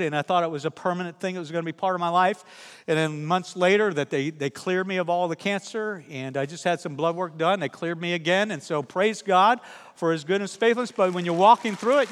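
A middle-aged male pastor delivers a sermon, animated and funny as he acts out the people in his own stories. His voice sits high for a man, and a long hall reverb trails behind every phrase. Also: brisk. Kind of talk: sermon with personal storytelling. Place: church sanctuary.

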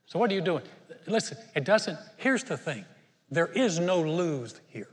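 A man's voice: fairly high pitch, big pitch swings, unhurried, in a large hall. An older man preaching a sermon to a congregation, earnest and conversational, often restarting his words. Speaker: pastor. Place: auditorium.

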